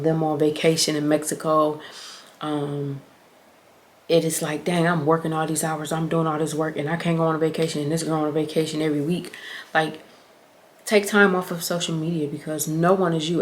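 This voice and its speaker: A young adult woman with a notably low voice, chatting in a casual vlog. She talks earnestly and reflectively, wandering through her thoughts with plenty of ums and likes. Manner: earnest, reflective, rambling with many fillers. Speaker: vlogger. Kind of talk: casual advice chat.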